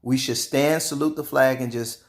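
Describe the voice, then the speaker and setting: A man talking straight to his viewers in a casual opinion monologue, animated, laughing often and repeating words. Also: mid-range voice, normal speed, creaky. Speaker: vlogger.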